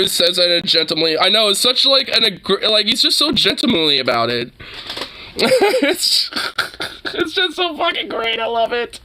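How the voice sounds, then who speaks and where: A man casually commenting on a video, laughing often, swearing and gushing with excitement. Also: high-pitched. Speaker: reaction video host.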